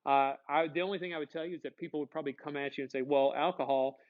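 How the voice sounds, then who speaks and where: A man's voice: fairly high pitch, fairly even intonation, very fast, narrow, tinny audio. A male teacher giving a conversational classroom lecture, asking the class questions and answering them himself.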